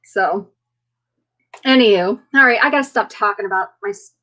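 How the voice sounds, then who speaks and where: Woman on a live stream chatting away, rambly stories, keeps laughing between bits, mid-pitched voice. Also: moderate pace, pushed and bright, rough recording. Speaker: livestream host. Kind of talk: casual live chat.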